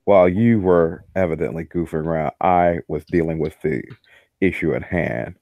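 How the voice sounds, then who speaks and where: A young man playing a tabletop game, speaking in a laid-back, drawn-out, joking way. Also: low voice, gravelly, no echo, dull audio. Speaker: player.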